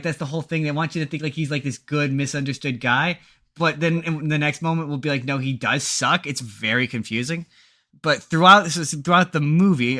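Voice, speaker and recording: A man's voice: on the high side, sharp tone. A man co-hosting a podcast, chatting casually and rambling through movie plots with lots of fillers and restarts. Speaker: podcast co-host. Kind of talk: casual chat.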